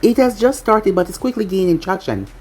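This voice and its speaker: A woman's voice: mid-range voice, lively intonation, brisk, darkish tone, close to an everyday voice. A woman reading the lines of a tough, wry female spy in a storybook reading, in a dry, unbothered way.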